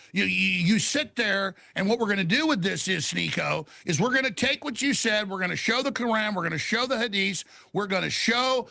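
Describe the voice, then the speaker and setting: A man argues hard in a heated debate, his high voice gravelly with fry and sharp, tense edges. He is blunt and combative, and he mocks his opponent by imitating him. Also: lively intonation, a little fast, few pauses.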